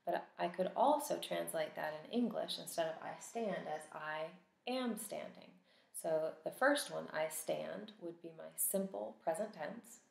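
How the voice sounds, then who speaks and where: Woman, Latin teacher, low gravelly voice, patient drill pacing, roomy echo. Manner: patient, paces out each word form and pauses for repetition. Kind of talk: recorded vocabulary lesson with drills. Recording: echoey room.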